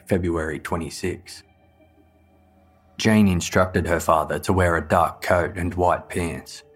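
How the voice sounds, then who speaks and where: A man narrating a true-crime story in a measured, grave, scripted manner. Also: deep voice, slightly rough.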